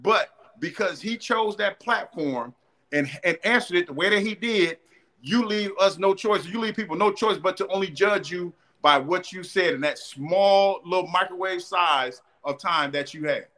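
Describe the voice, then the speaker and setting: A man's voice: high-pitched, moderate pace, pushed and bright. A man who is a former football player turned sports analyst, talking emphatically and repeating phrases to drive points home. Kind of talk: casual sports talk.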